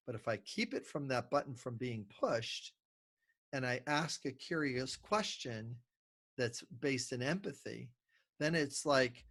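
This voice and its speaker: A man's voice: mid-range voice, a little slow. A middle-aged man, a podcast guest, explaining ideas in conversation and acting out little dialogues from his stories. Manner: animated storyteller who acts out little dialogues. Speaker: podcast guest, communication consultant.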